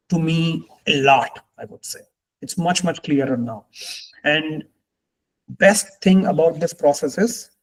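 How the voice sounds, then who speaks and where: A man's voice: on the high side, darkish tone, slightly rough, rough recording. A man, talking to a group as a life coach in a reflective, earnest way, often repeating phrases for emphasis. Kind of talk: group coaching call talk.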